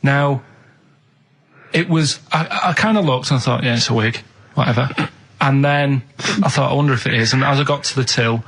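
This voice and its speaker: A man's voice: mid-range voice, normal speed, a bit bright, breathy edge. A man on a radio show in a studio, telling rambling anecdotes and checking in with the listener by tagging "right?" onto his lines. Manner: rambling anecdotes with tag questions. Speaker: regular radio show contributor. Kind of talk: casual studio banter.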